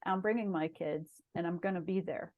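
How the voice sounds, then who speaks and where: A woman's voice: on the low side, moderate pace, narrow, tinny audio. A middle-aged woman, a guest on an interview show, earnestly telling a personal story in casual conversation. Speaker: guest, shaman and massage therapist.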